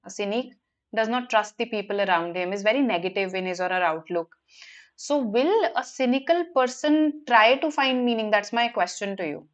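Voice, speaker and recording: A woman's voice: on the high side, a bit bright. A woman with an Indian English accent teaching a live online vocabulary lesson, explaining patiently and often checking in with the class. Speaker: online exam prep teacher.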